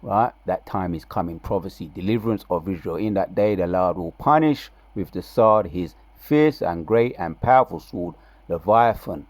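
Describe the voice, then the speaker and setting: A man giving casual religious commentary, reading scripture aloud with loud, drawn-out emphasis between relaxed, slangy asides. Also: low voice, no room sound. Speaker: religious video preacher.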